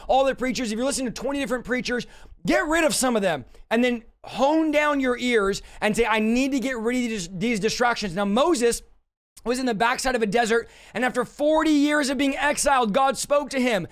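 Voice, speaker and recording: A man's voice: very high voice, brisk. A young man preaching a sermon directly to his listeners, with an emphatic manner. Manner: emphatic, direct, addresses listeners as "you guys".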